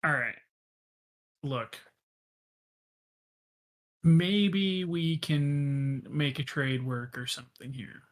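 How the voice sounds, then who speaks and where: A man's voice: fairly high pitch, very slow, long pauses. A man voicing a blunt, armed gas station woman. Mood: guarded. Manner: blunt, menacing, hesitant fillers.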